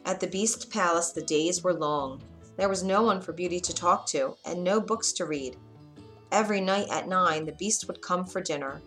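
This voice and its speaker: A woman with a fairly low voice narrates a children's fairy tale. She reads clearly and at a measured pace, the way someone reads aloud to children. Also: fairly bright tone, soft background music. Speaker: storyteller. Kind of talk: children's storybook reading.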